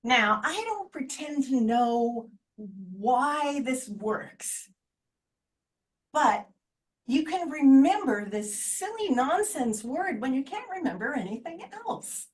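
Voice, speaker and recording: Older woman, club speaker, animated and unhurried storytelling, slightly distant pickup. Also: high-pitched. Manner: switches between narration and playful acted quotes. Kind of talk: humorous speech with acted dialogue.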